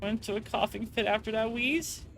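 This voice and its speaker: A woman's voice: a little high, moderate pace, background noise. A young woman streaming a game, chatting casually with friends and chat, joking and swearing as she plays. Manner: profane, joking, reacts loudly to game alerts.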